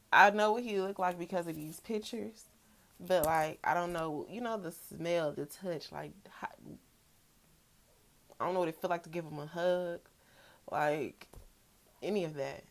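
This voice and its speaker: Candid low-voiced young woman vlogging. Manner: candid, emotional, swears freely, repeats phrases. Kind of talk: personal vlog monologue.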